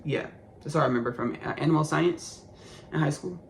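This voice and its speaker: A man's voice: fairly high pitch, brisk, vocal fry, a little hiss or hum. A man in his thirties from Austin with a Texan country accent, rambling effusively through a spiritual podcast monologue, calling listeners "baby" and "y'all". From Austin, Texas. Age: 30s. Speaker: podcast host.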